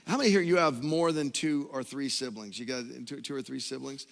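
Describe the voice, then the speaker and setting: A middle-aged man preaching a sermon and telling a story, shifting between hushed and loud, emphatic delivery. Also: medium pitch, moderate pace, hardly any pauses. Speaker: pastor. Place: large church hall. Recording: long hall reverb.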